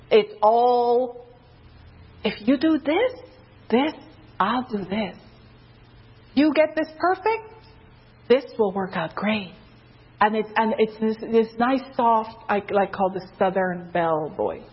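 A woman preaching an informal sermon, loose and conversational, with many fillers, who jumps higher in pitch when she quotes someone. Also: slightly rough. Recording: dull lo-fi recording.

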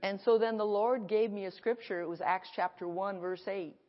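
A woman's voice: medium pitch, moderate pace, highs cut off. Woman pastor preaching at a conference, acts out the back and forth, echoey hall sound. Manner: animated, acting out dialogue. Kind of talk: sermon.

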